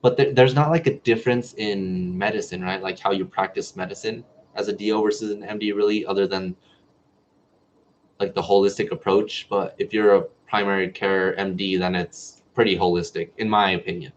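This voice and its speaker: A man's voice: sits low, fairly even intonation, moderate pace, slight background noise. A man in his twenties from New Mexico hosting a casual livestream Q&A as a medical student, chatty, reading viewer comments aloud and answering them. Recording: dull lo-fi livestream audio.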